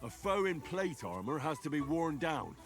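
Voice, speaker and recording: Game role: a dry, wry young swordsman, lively voice, faint game music behind. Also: fairly high pitch, moderate pace. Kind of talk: video game dialogue.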